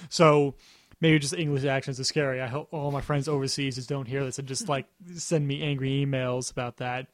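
A man's voice: mid-range voice, level tone, fairly quick, no room sound, studio quality. A man co-hosting a podcast, chatting casually about a show, rambling and often restarting his sentences. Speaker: podcast co-host. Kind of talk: casual chat.

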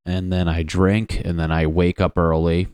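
A man's voice: sits low, flat delivery, moderate pace, a little mellow, clean tone, no echo, clean studio sound. A young adult male comedian in a casual, profane, sarcastic rant, riffing as he reads web pages aloud.

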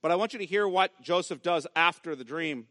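Guy preaching a sermon, high bright voice, dry close sound, hammers phrases twice. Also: a little fast, no room sound. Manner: emphatic preaching, repeats key phrases. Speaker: pastor.

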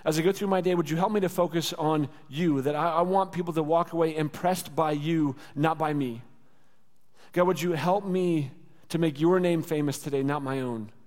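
A man's voice: a little high, fairly even intonation, normal speed, a little mellow, big-room sound. A man in his thirties preaching a sermon as a pastor, earnest and conversational, speaking prayers aloud as he teaches. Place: church sanctuary.

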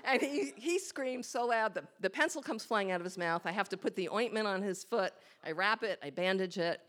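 A woman's voice: medium pitch, expressive, a little fast, a bit bright. Candid woman telling a story on stage. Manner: candid, self-mocking, acts out her own thoughts. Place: small hall with a live audience.

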